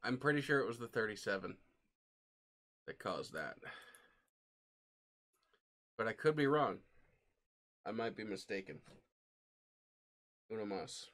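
A man streaming a racing sim, talking to himself in an excitable, jokey way, swearing and breaking into high squeals. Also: unhurried, pauses often. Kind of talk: live game commentary. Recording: game music and engine noise behind.

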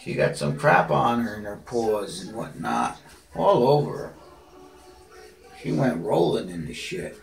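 A man filming at home, cooing to his cats in high baby talk with chatty asides, recorded on a handheld phone. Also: sing-song, a little slow, creaky. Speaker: cat owner filming his pets. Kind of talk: casual home video, talking to cats. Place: home bathroom, indoors.

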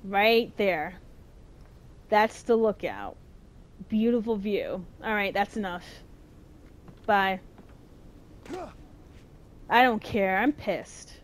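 A young adult woman hosting a gaming video, giving casual let's-play commentary and getting jumpy and loud at the game. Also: mid-range voice, drawn-out words, pauses often. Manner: excitable, yells at the game, jumpy.

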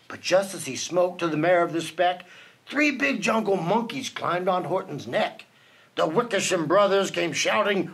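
Man, children's book read-aloud: rhythmic, lively pitch, husky. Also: moderate pace. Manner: expressive, rhythmic rhyming delivery. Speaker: storybook reader.

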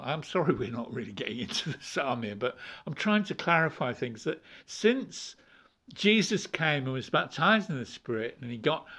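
Male preacher, high voice, informal rambling delivery with repeats and chuckles. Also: fairly bright tone. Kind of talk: informal sermon.

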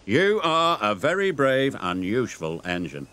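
A man's voice: mid-range voice, wildly swooping pitch, a little slow, full character voice. A man voicing a stern, formal railway boss in a children's storybook show, giving orders in a clipped, commanding way. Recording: loud background music.

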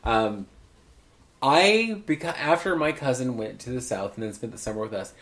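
A man's voice: mid-range voice, expressive, normal speed, a bit bright. A man from Oregon who hosts a podcast and performs drag, telling joking stories in casual chat. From Oregon, USA. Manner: chatty, joking storyteller.

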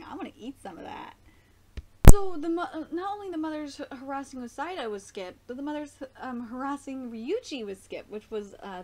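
A woman streamer chatting through a live reaction, gushing and giggly, her voice sitting a little high. She rambles with plenty of fillers, and a faint hiss of noise sits under the recording. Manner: gushing and excitable, laughs often. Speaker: streamer reacting to an anime episode. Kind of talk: casual live reaction commentary.

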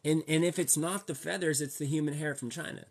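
A young man with a husky, slightly breathy voice rants to his viewers in a loose, slangy way. He keeps firing rhetorical questions at them and repeats himself for emphasis. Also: on the high side, fairly even intonation, a little fast. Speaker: vlogger. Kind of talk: casual rant to viewers.

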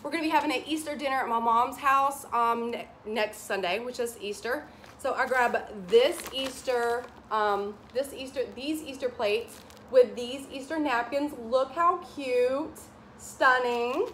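A woman chatting to camera in a shopping haul video, gushing and giddy with excitement. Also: sits high, a little slow, a little hiss or hum. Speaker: haul vlogger.

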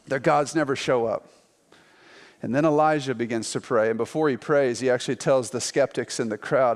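Animated pastor preaching in an echoey church hall. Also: male voice, mid-range voice, normal speed. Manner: animated storytelling, acts out quotes in playful voices. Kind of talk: sermon.

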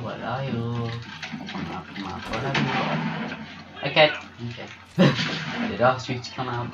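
A man commentating his own live gameplay, talking excitably as he reacts to every kill and near miss. His voice sits at an ordinary pitch, echoing in a roomy space. Loud game music plays underneath. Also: dull audio.

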